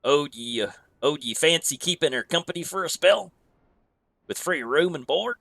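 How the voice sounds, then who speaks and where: A man doing a gruff, scheming pirate innkeeper. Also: a little high, lively intonation, bright, forceful tone, no echo, voice pushed up, full character voice. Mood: wry. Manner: old sea-dog dialect, drawn-out reading. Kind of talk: reading game dialogue aloud.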